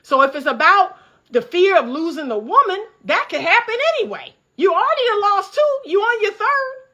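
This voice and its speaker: A woman's voice: very high voice, big pitch swings, normal speed, pushed and bright, highs cut off. A woman relationship coach, giving fired-up, preachy commentary straight to her viewers from a room at home, laughing often. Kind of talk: casual commentary vlog. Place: upstairs room by a window at home.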